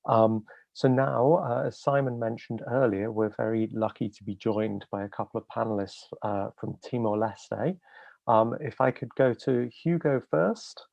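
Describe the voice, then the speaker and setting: English guy w/ a gravelly voice running a panel, muffled call audio, polite n brisk. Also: medium pitch, fairly even intonation, no echo. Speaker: moderator. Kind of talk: moderating a panel over video call.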